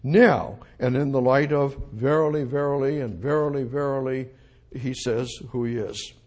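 A man preaching an expository sermon, emphatic, repeating phrases and swinging from loud declarations to quiet asides. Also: mid-range voice, steady tone, moderate pace.

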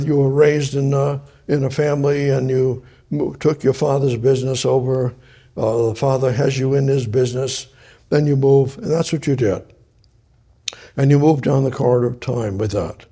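Gravelly-voiced man teaching a Bible study. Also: mid-range voice, mellow. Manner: halting, repeats and restarts phrases.

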